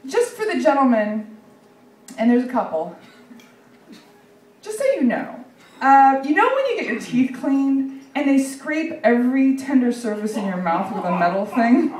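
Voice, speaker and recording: A young woman from Texas doing a sarcastic, deadpan stand-up set at a comedy club, with plenty of ums and likes. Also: sits high, moderate pace. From Dallas, Texas. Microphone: handheld stage mic. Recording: echoey room from far off.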